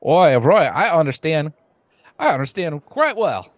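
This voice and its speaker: A man's voice: sits high, takes it slowly, dry recording, voice pushed up. A man voicing an eager male florist made ship captain, in a folksy drawl mixed with Cockney words. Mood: folksy grateful.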